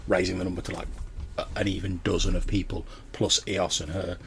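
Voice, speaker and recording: Male game master, low gravelly voice, rambling narration, faint background hiss. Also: little pitch movement, a little fast. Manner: loose, hesitant narration with many fillers.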